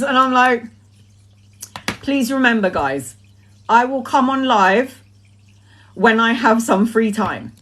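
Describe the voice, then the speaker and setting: Emphatic woman in her forties, higher voice. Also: lively intonation, slow pace, long pauses, a bit bright. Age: 40s. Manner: emphatic, repetitive, swears casually. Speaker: tarot reader. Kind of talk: casual live-stream monologue.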